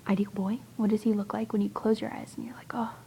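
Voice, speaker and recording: A young woman vlogging to a friend, talking mostly in a hushed whisper and rambling with hesitant fillers. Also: mid-range voice, little pitch movement, fast talker, vocal fry, slight background noise, rough recording. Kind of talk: casual whispered video chat to a friend.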